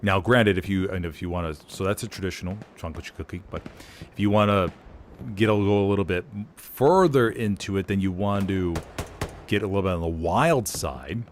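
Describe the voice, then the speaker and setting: A man casting a live game, chatting casually in rambling, relaxed asides. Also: deep voice, slight background noise. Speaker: game caster. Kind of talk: casual chat during live game commentary.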